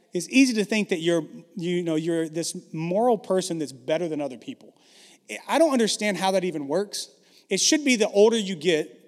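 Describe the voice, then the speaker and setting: A man delivers a storytelling sermon in a conversational, self-deprecating way, full of false starts. His voice sits a little high for a man. The sound carries the long reverb of a large church hall. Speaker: pastor.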